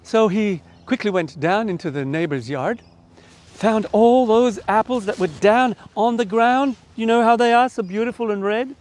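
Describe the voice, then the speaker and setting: A middle-aged Australian man telling a children's story in an online church service, with lively, animated delivery and direct questions to the listeners. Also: sits high, moderate pace.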